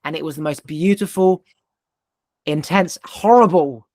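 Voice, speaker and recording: A man's voice: on the high side, a little slow, darkish tone, dry recording, studio quality. A man hosting a podcast, telling a personal story in an intense, emphatic way and swearing now and then. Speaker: podcast host. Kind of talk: casual conversation.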